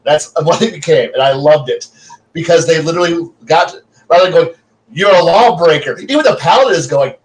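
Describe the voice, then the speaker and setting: Rambling, slightly high-voiced man, far from the mic. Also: animated, fairly quick. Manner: rambling, tangent-prone storytelling with many fillers. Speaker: podcast panelist game master. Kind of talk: casual chat.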